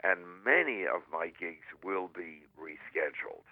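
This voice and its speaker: Older man with a deep voice on a tinny phone line. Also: animated, no echo. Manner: rambling, halting, with many fillers and jokes. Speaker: guest columnist. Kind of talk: casual radio chat over the phone. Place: at home in San Diego.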